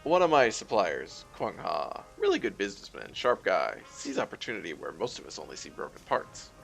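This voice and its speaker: A man voices a wild-eyed, jittery drone dealer who gushes and fawns. His low voice swings widely in pitch and carries a thick gravelly rasp. Soft game music plays behind him. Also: wildly swooping pitch, normal speed, heavily acted. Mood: fawning. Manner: eager, fawning, stilted.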